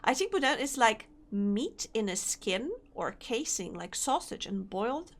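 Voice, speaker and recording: A young woman streamer chats away with her viewers in a fairly high voice that swoops up and down. She talks unhurriedly and giggles often between remarks. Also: very animated, measured pace. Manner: giggly, chatty, reacting to chat. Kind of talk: casual live-stream chat.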